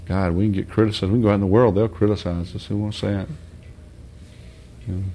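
Preaching informally, this man talks bluntly and homespun, with some light cursing; his voice falls soft and low before surging into loud, high shouts. The tone stays steady, the pace fairly quick, and there's slight background noise.

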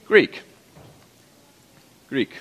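A man's voice: extremely slow, a bit bright. A man as pastor, preaching to his congregation in a conversational, playful way. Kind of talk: sermon.

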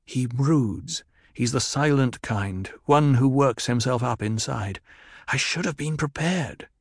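A man's voice: medium pitch, takes it slowly, dry recording. A man voicing a fierce, protective noblewoman with an intense, commanding manner. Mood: anxious.

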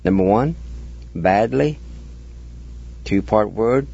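Brief: male radio language teacher, low and mellow voice, slow patient drills, dull lo-fi sound. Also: animated, creaky, slightly rough. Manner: patient, spells letter by letter and repeats words. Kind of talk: slow spelling and pronunciation lesson.

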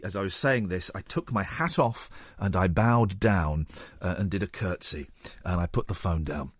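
A man's voice: sits low, normal speed, slightly rough, no room sound, clean studio sound. A man hosting a radio show in a playful, rambling, teasing way. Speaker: radio host. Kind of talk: casual radio chat. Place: radio studio.

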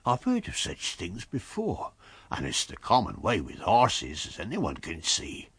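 A rustic village carrier, played by a man, who confides in slow, hushed country dialect. The voice is low and gravelly-husky and sinks at times to a breathy mutter. It is heard in a dry storybook reading. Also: huge pitch swings, no echo, heavily acted. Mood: conspiratorial.

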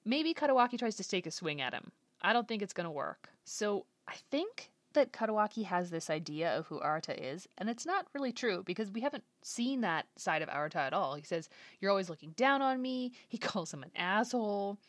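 A woman's voice: mid-range voice, big pitch swings, fairly quick, hardly any pauses, no room sound. A woman giving casual reaction commentary on an anime episode, thinking aloud and guessing what comes next. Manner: chatty, speculative, thinking aloud.

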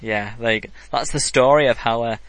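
Bright-voiced man on a podcast. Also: medium pitch, brisk, no echo. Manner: jokey, laughs often. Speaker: podcast host. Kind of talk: casual podcast chat.

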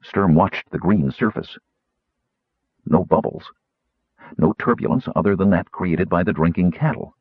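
A man narrating an audiobook in a lively, expressive reading. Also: deep voice, a little slow, pauses often, slightly rough, dry recording. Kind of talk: scripted narration. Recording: thin phone-like dry audio.

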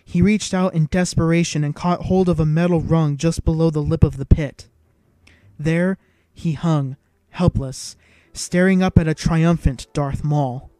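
Mellow-voiced man narrating a story. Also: a little high, fairly even intonation, a little slow, no echo. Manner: dramatic, vivid storytelling. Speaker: audiobook narrator. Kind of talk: scripted narration.

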